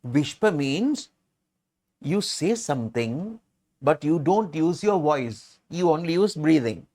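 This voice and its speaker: A man's voice: fairly high pitch, animated, takes it slowly, mellow. A man teaching English, reading a story aloud and patiently explaining words, often repeating and restarting.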